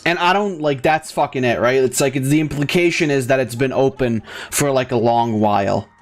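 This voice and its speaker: A young man hosts a gaming video, delivering casual ranting commentary over gameplay in a rambling, profane style packed with fillers and restarts. His voice is medium-pitched and moves at a normal speed, with soft music playing in the background.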